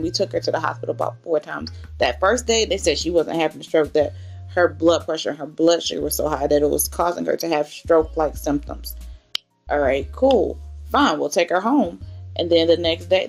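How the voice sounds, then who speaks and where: A woman in her twenties with a low voice and a gravelly, fry-tinged edge tells a personal story for her faith vlog. She talks in a candid, emotional way, and soft music plays faintly behind her. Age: 20s. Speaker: vlogger.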